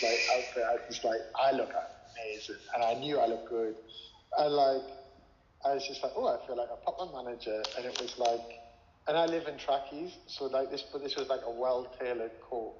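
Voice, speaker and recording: A man chatting loosely as an interview guest, wandering through his story with plenty of swearing and fillers. His voice sits in a roomy space with a long reverb tail. The sound is dull and lo-fi, with a faint hiss underneath. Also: mid-range voice. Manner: rambling, frequent swearing and filler words. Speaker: interview guest, former music manager. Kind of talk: casual storytelling.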